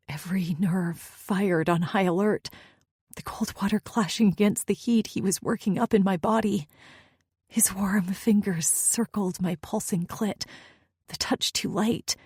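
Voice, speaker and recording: A woman's voice: lowish voice, darkish tone, slightly rough, no echo, studio quality. A woman narrating a first-person romance audiobook in an intimate, often near-whispered manner.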